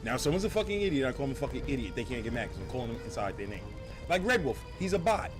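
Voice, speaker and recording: A man streaming a game, talking in animated, profane, rambling banter. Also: medium pitch, racing. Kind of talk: casual gaming stream talk. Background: faint game music.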